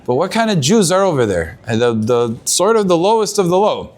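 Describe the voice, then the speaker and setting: A man speaking as a rabbi, telling a Torah story in a lively, animated way. His voice sits fairly high for a man. He drops Hebrew terms into his English and often breaks off to restart a phrase. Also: fairly quick.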